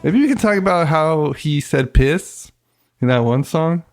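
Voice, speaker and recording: A man's voice: a little high, lively intonation, measured pace, faint music behind. A man hosting a board game podcast, bantering casually and laughing often. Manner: joking banter with frequent laughter. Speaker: podcast host. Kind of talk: casual chat.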